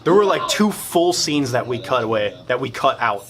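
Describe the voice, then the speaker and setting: A man's voice: mid-range voice, sing-song, moderate pace, heavy background noise. Rambling young man looking back on his films. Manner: rambling, self-mocking. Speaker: filmmaker reacting to his old films. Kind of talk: casual commentary.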